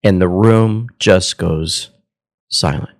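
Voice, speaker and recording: A man's voice: low voice, takes it slowly. A man from Georgia hosting a commentary show. He speaks earnestly and emotionally, calls his listeners folks, and leads a prayer. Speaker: host.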